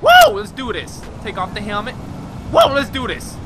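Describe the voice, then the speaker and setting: A man giving casual gameplay commentary, excitable and whooping, with lots of cursing and trash talk. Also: high-pitched, moderate pace, background noise. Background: game music and car sounds.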